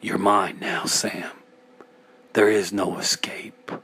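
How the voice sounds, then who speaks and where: A man's voice: level tone, takes it slowly, creaky, sharp tone, husky, exaggerated voice. A man putting on a whispering demonic voice. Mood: menacing. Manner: low menacing whisper. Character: dark whispering demonic male voice.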